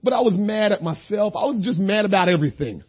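A man preaching a sermon who tells a story, going from quiet talk to shouting. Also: high voice, expressive, fast talker, breathy edge, highs cut off.

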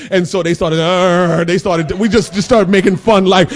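A man preaching a sermon in a church, swinging between shouted preaching and quiet talk. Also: sits high, fairly even intonation, normal speed, hardly any pauses. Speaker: pastor. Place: church sanctuary.

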